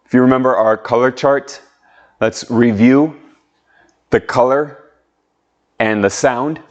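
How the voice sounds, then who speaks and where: A man's voice: medium pitch, takes it slowly, pauses often. A man teaching an online English pronunciation lesson, patiently drawing out sounds and leading drills. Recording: muffled lo-fi audio.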